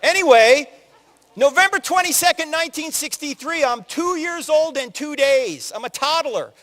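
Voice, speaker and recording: A man in his sixties from New Jersey giving an animated, joking story-driven talk as a conference speaker, acting out quotes in other voices. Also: very high voice, moderate pace. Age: 60s. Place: large hall with audience. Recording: long hall reverb.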